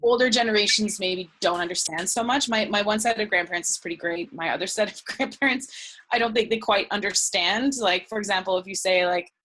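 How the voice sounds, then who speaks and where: A young woman talking easily as an interview guest. She is chatty and laughs often, and she slips into little quoted voices of other people. Her pitch sits in an ordinary middle range. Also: fairly quick, fairly bright tone. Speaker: guest researcher. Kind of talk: casual conversational interview.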